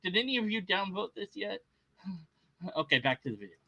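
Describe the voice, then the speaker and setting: A man's voice: sits high, big pitch swings, brisk, creaky, pushed and bright, muffled recording. A man commenting on a video he is reacting to, in an agitated, sarcastic and rambling rant. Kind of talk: casual rant.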